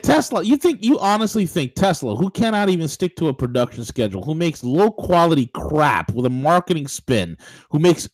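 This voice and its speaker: On the high side and a little mellow, this man's voice carries an emphatic rant as he co-hosts a political talk show. Rhetorical questions, frequent restarts and plenty of fillers mark his delivery, captured in a dry but poor-quality recording.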